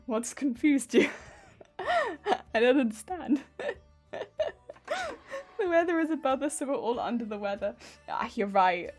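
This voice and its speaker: A woman chats casually with her stream viewers while she works on a cosplay, giggling often and teasing back at the chat. Her voice sits high. She talks at an easy, unhurried pace, with faint music under her. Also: sing-song, breathy edge. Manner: playful, reads and answers chat. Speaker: livestreamer.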